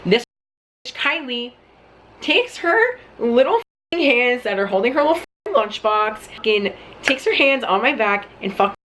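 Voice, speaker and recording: A man's voice: extremely high pitch, sing-song, a little slow, bright, forceful tone, a little hiss or hum. A young man telling a dramatic story-time vlog, cursing constantly and filling his talk with "like". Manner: profane, dramatic storyteller, heavy use of "like". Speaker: vlogger.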